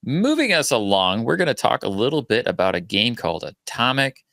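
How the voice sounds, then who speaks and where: A man hosting a game podcast, relaxed as he plugs his review and moves the show along. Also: mid-range voice, brisk, vocal fry, dry recording, clean studio sound. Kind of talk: casual chat.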